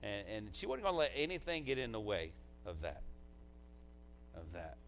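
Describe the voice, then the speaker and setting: A man's voice: fairly low pitch, very animated, normal speed, fairly bright tone, a little hiss or hum, low-quality recording. A man, a pastor, delivering a eulogy in a conversational, heartfelt way, often dropping in "man" as a filler.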